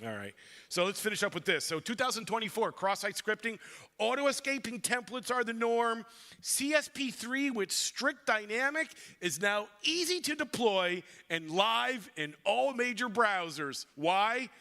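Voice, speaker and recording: A man with a high, bright voice tells a story from a conference stage. He talks playfully and slips into quick impressions of the people in his story. His tone is forceful and sharp. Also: animated. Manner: storytelling, playful, mimics other people in quotes. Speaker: conference speaker. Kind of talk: animated conference talk.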